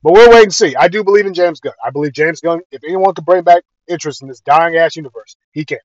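High-voiced man ranting bluntly. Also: fast, no room sound, muffled recording. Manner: blunt, profane, heated opinions. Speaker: video creator. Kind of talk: casual rant to camera.

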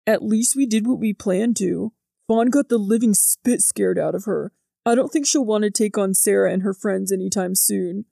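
A woman's voice: medium pitch, normal speed, vocal fry, warm tone, no echo, clean studio sound. A woman voicing a cocky, joking teenage boy in a storybook reading, speaking in a brash, joking way.

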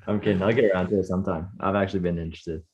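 Deep-voiced laid-back guest. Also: male voice, steady tone, racing, darkish tone, muffled recording. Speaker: podcast guest. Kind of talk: casual podcast chat.

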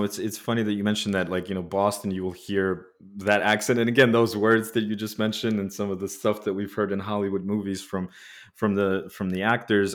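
A man's voice: on the low side, a bit bright. A man born in the Soviet Union, hosting a podcast interview, speaking with frequent restarts and fillers. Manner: hesitant, many restarts and fillers. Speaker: podcast host.

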